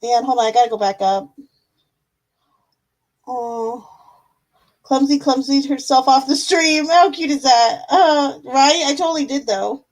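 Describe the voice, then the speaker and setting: A woman hosting a live-stream tarot reading, chatting casually and affectionately with viewers and often filling pauses with "um" and "like.". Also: high-pitched, low-quality recording.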